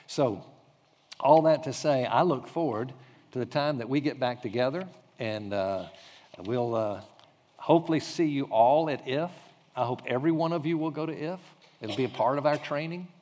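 A man's voice: medium pitch, darkish tone. Man as a church teacher, casual and rambling, recorded in an echoey hall. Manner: conversational storyteller, halting with fillers and restarts. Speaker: pastor leading an evangelism training class. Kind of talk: teaching talk with a personal anecdote. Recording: long hall reverb.

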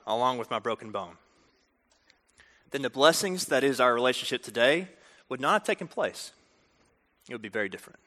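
A man preaching a storytelling sermon, talking directly to the audience in an animated way. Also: mid-range voice. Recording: reverberant hall.

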